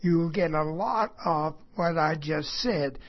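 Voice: mid-range voice, slow, highs cut off. A preacher delivering a sermon as a personal story, speaking emphatically and repeating phrases for stress.

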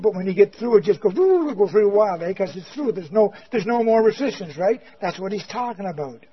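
A man preaching a fire-and-brimstone sermon, firing rhetorical questions and swinging from loud emphasis to near-quiet. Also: high-pitched, slightly rough, highs cut off. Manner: rhetorical questions, slow emphatic delivery, dramatic swings in loudness.

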